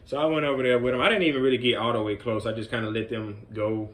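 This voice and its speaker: A man's voice: medium pitch, steady tone, quick pace, fairly bright tone. A man working as a group home counselor tells a story in a loose, conversational way, full of "man" and "you know". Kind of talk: casual storytelling vlog.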